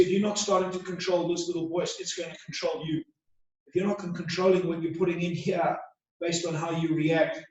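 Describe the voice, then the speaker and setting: A man's voice: high-pitched, darkish tone, very echoey, far from the mic, dull audio. A man giving a motivational talk, emphatic and full of repeated rhetorical questions. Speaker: motivational speaker.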